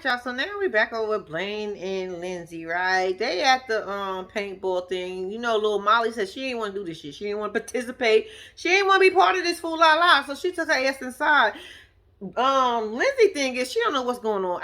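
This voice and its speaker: A woman's voice: a little high, sharp tone. A woman giving a casual, blunt, sassy recap of a TV episode, slangy and profane, laughing often and talking straight to her viewers. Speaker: vlogger recapping a reality show. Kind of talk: casual reaction commentary.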